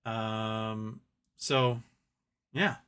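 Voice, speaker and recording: A man's voice: on the low side, steady tone, extremely slow, fairly bright tone, smooth. A man hosting a casual live stream, ranting animatedly and mocking other people's voices as he quotes them.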